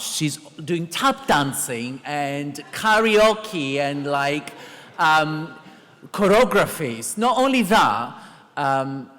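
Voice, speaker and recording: Welsh man giving a halting introduction. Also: a little high. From Wales. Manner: halting, warm-hearted, many fillers. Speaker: introducer of the speaker. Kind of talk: casual introduction speech. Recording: long reverb of a large hall.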